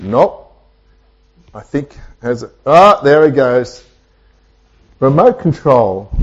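A male pastor delivering a sermon in a church, preaching emphatically with repetition and dramatic pauses. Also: a little high, highs cut off. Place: church with online Zoom audience.

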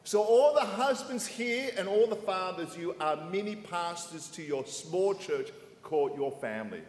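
Animated male preacher in an echoey hall. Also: high voice. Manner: speaks in short phrases, pausing for the interpreter. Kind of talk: sermon with live interpretation. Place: church hall. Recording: echoey hall with long reverb.

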